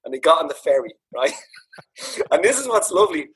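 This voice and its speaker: A man's voice: fairly high pitch, normal speed, slightly rough, low-quality recording. A man from Ireland with a Dublin accent, telling funny stories about his dad in a casual chat. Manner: animated, laughing, swearing. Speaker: podcast guest, author. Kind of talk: casual storytelling.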